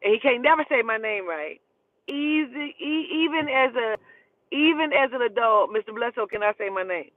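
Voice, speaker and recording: A man from Oklahoma telling animated, profane stories in a casual way, often calling the listener "child". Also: extremely high pitch, normal speed, no room sound. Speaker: storyteller. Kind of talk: casual storytelling. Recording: dry tinny phone-like sound.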